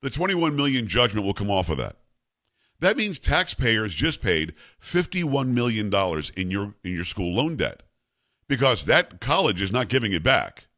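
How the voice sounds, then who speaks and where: A man's voice: fairly low pitch, sing-song, moderate pace, bright, forceful tone. A man in his fifties hosting a talk radio show, giving opinionated commentary in an emphatic, conversational way and mixing in personal stories.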